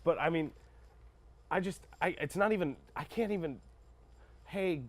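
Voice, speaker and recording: A man's voice: a little high, normal speed, natural voice. A man playing an awkward, sheepish 25-year-old son who stammers while pleading with his mother in a comedy scene. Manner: stammering, sheepish, restarts constantly. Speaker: improv performer.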